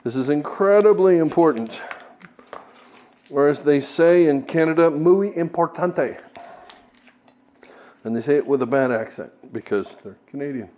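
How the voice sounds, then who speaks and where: A man's voice: a little high, normal speed, mellow. A man hosting a casual cooking tutorial in a home kitchen, chatty and joking as he goes. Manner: jokey, chatty, self-deprecating asides. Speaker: cooking video host.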